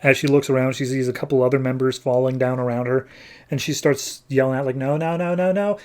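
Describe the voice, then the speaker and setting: A man's voice: medium pitch, completely flat delivery, fast talker, darkish tone. A man hosting a podcast, recapping a comic book in a chatty, loose way with lots of fillers. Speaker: podcast host. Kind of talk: casual comic book review.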